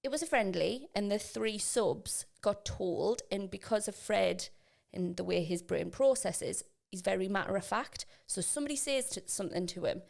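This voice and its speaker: A woman, co-hosting a podcast and telling a family story in an animated way, acting out the voices of the people in it. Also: medium pitch, normal speed, gravelly, hardly any pauses. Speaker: podcast co-host. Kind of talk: casual chat.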